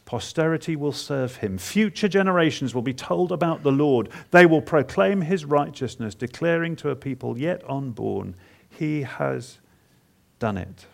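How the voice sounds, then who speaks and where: Gravelly preacher guy, kinda high voice, acts out the psalm in first person, stumbles and repeats himself. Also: expressive. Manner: halting, repeats words for emphasis. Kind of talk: expository sermon.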